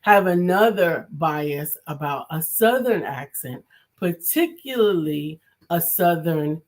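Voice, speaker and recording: New lady cohost thinking out loud, kinda low voice, restarts a lot. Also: lively intonation, slow pace. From New York City. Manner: reflective, thinks aloud with restarts. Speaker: co-host, coach. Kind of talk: casual conversational talk.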